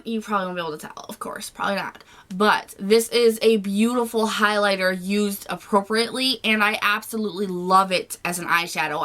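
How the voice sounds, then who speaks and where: A woman's voice: medium pitch, pushed and bright. A woman giving a casual, gushing makeup review to camera, chatty and full of fillers. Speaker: beauty vlogger.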